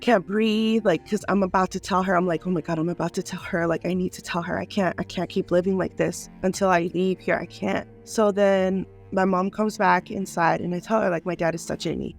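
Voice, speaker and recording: A woman telling her own life story in an unscripted interview, speaking in a halting, earnest way full of small fillers. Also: on the low side, steady tone, gravelly, soft background music. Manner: halting and earnest, many "like" and "you know" fillers. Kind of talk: personal testimony, unscripted.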